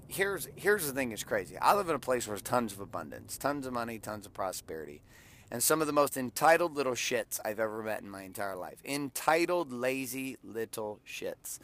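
A man's voice: mid-range voice, a bit bright. A man in his forties tells a parenting story in a blunt, profane, preachy way. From California. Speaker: father and podcaster. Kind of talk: blunt motivational monologue.

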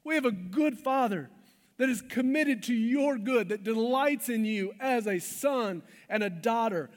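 High-voiced man preaching in a hall. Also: animated, measured pace. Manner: passionate preaching with rising emphatic outbursts. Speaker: pastor. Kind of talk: sermon. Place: church sanctuary. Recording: long reverb of a large hall.

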